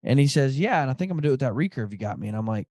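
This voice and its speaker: A man hosting a podcast, telling a story in a casual, animated way and acting out the dialogue. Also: medium pitch, very fast, no room sound, studio quality. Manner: animated, quotes friends in dialogue, says dude a lot. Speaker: podcast host.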